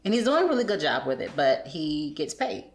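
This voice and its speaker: Give me a reflective woman with a deep, low voice. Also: big pitch swings, fairly quick. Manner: reflective, quotes her son's words. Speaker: podcast guest. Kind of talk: casual chat.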